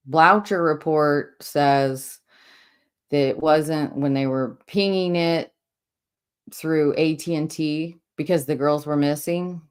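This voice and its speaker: A woman's voice: sits low, smooth. A woman hosting a true crime channel, reading out court transcripts and commenting casually, with many fillers, restarts and frequent laughs.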